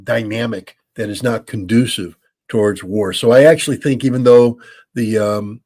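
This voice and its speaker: An American man in his sixties, a former weapons inspector answering call-in questions in a measured, explanatory way with many ums and restarts. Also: mid-range voice, fairly even intonation, a little mellow, no echo. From United States. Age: 60s.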